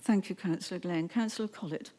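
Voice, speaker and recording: A woman's voice: on the low side, quick pace, mellow. A woman chairing a council meeting, formal and courteous.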